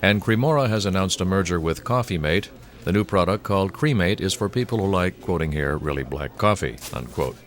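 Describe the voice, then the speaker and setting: A deep deadpan newsreader. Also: male voice, fairly quick. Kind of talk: deadpan parody news bulletin.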